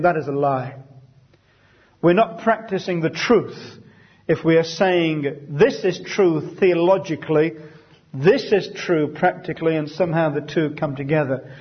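A man teaches a Bible study group in a husky, somewhat high voice. He reads scripture slowly and weightily, then explains it in an easy conversational way. The recording is dull and lo-fi.

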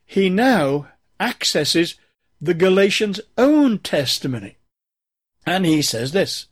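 A man delivers a sermon, walking his listeners through scripture passages. His voice sits a little high for a man, and he reads with measured, deliberate emphasis. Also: very animated. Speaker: preacher.

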